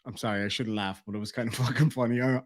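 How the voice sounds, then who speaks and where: A man's voice: medium pitch, steady tone, quick pace. An Irish man in casual commentary, telling stories full of swearing and laughing through them. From Ireland. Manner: profane, laughs through his own stories. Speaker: streamer reacting to a livestream.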